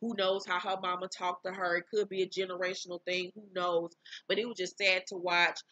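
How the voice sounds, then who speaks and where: A woman host recapping events in a blunt, candid way, cursing freely as she talks. Her voice is bright and forward, with a dry close sound and no room around it. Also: lowish voice, level tone, brisk, dry recording, lo-fi sound. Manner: blunt, candid, profane storytelling. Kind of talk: casual recap of a reality show.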